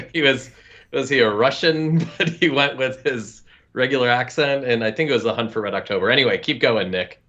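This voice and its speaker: A man's voice: mid-range voice, moderate pace, pushed and bright. A man co-presenting, bantering in a dry, joking way. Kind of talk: casual banter. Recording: dull lo-fi sound.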